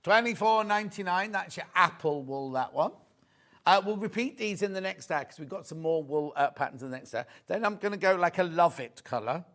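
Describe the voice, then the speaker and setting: A man's voice: sits high, animated, a little fast, a bit bright. A man with a Yorkshire accent presenting on a shopping channel, chatting enthusiastically and reading out viewer messages. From Yorkshire, England. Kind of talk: casual on-air sales chat.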